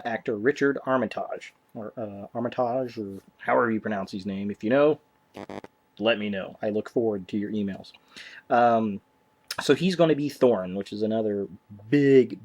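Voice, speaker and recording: A man's voice: lowish voice, a little mellow. A man giving a casual, rambling movie news update as a vlogger, full of ums and restarts.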